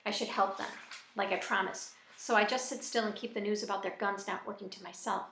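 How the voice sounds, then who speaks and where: A woman reading a first-person novel aloud in a plain, even storytelling manner. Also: medium pitch, fairly quick, slight background noise. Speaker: audiobook reader. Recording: echoey room.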